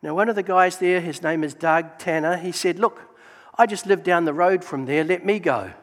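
A man telling faith stories in a church testimony talk, animated and exclaiming praise. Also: high voice, normal speed. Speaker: Gideons member giving testimony. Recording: long hall reverb.

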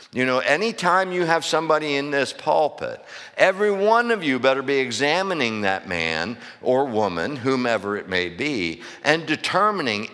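A man's voice: medium pitch, a bit bright. A middle-aged man, a pastor, preaching a sermon in a church with emphatic questions to the congregation. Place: church sanctuary. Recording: long hall reverb.

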